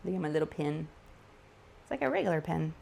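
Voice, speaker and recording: Animated woman telling a story. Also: sits low, fast, gravelly. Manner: animated, laughing, acts out quoted voices. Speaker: diamond painting channel host. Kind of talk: casual chatty storytelling. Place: home craft table.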